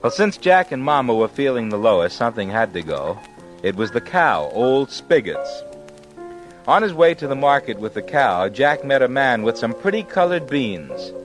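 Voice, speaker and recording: A man's voice: medium pitch, sing-song, normal speed, music in the background, poor audio. A man telling a fairy tale in laid-back jazz slang on an old comedy record. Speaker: narrator. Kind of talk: comic hipster storytelling.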